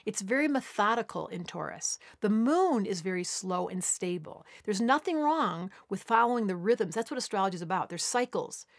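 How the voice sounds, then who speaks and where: A woman's voice: mid-range voice, lively intonation, no echo. Older lady doing her daily horoscope, casual and chatty, dry sound. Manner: chatty and colloquial, acts out quick asides. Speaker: astrologer.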